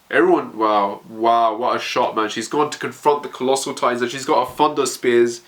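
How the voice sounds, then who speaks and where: Guy reacting to a manga, gets worked up and trips over his words, mid pitch voice. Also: moderate pace. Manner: excitable, stammering, narrates aloud. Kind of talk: emotional reading reaction.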